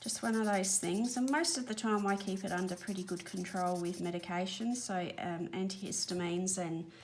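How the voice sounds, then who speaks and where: A woman's voice: mid-range voice, fairly even intonation, normal speed, slight background noise. An Australian woman chatting casually while colouring at home, a bit breathless and apologetic, rambling as she works. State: slightly out of breath. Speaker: colouring channel host. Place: home spare room studio.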